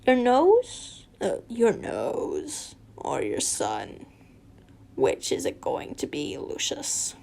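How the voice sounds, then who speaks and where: A woman reading fan fiction aloud, voicing a sinister male dark wizard in a deep, raspy, breathy whisper. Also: wildly swooping pitch, full character voice. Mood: menacing. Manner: slow, menacing, breathy.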